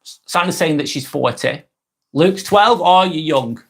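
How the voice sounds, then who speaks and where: A man in his forties hosting a live stream, chatting casually and reading out viewer comments, friendly, rambling and quick to apologise. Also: a little high, expressive, gravelly, slightly rough. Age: 40s. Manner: chatty and friendly, ranting a little, apologising often.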